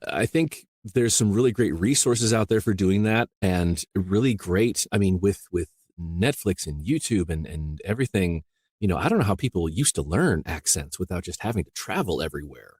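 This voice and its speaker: A man from rural Iowa with a very low voice talks shop as an interview guest. He rambles easily, circling back with "you know" and restarting thoughts. The sound is close and dry. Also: expressive, moderate pace, darkish tone, slightly rough, no room sound. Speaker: audiobook narrator, guest. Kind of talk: casual interview chat.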